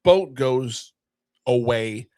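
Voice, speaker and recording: A man co-hosting a film podcast, retelling a movie scene by scene in casual chat with plenty of swearing and quick character voices. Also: medium pitch, no room sound, clean studio sound. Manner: animated retelling, profane, acting out character voices. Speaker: podcast co-host, film critic.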